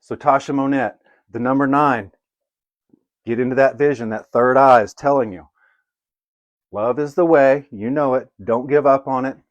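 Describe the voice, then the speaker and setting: A man's voice: medium pitch, fairly even intonation, normal speed, pauses often, no echo, highs cut off. Casual man doing live card readings. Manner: casual, swears, greets viewers by name. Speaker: livestream card reader.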